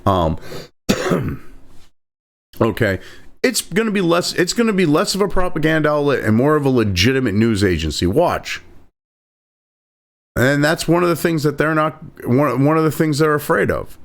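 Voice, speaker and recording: Brief: male commentary host, high gravelly voice, angry sarcastic rant. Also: lively intonation, normal speed, long pauses. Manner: heated, sarcastic, swears constantly. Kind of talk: profane ranting commentary.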